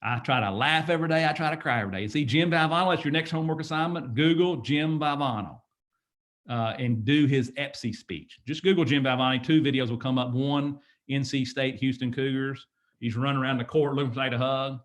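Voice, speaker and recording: A man's voice: medium pitch, fairly quick. A man in his fifties giving an emphatic, preachy motivational talk, often asking "guess what?". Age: 50s. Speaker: motivational speaker.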